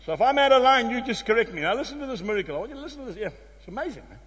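A South African man preaching a sermon, telling a story with emphatic exclamations that drop to hushed tones. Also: extremely high pitch, very animated, racing, breathy edge. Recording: long hall reverb.

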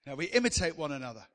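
A man's voice: on the high side, fairly bright tone, big-room sound. A man preaching a sermon in a chatty, joking way, teasing the congregation.

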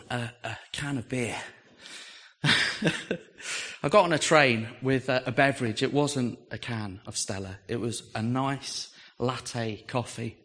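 An English man preaching, telling a personal story with lively, animated delivery and acting out the voices he quotes. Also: medium pitch. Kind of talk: storytelling sermon.

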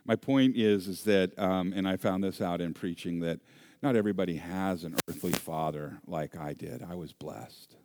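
A middle-aged man preaching a sermon, telling a personal story in an animated, humorous way and acting out voices and sounds. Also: deep voice, normal speed. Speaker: pastor.

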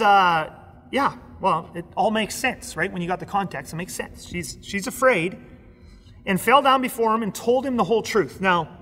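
A man teaching a sermon, animated, acting out the people in the story. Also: high-pitched, long reverb tail. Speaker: pastor. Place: recorded for an online audience.

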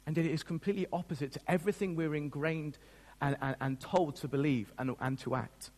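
A male pastor preaches a sermon in an earnest, emotional tone. He often restarts his sentences as he speaks. His somewhat high voice carries a long hall reverb. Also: fairly quick, darkish tone.

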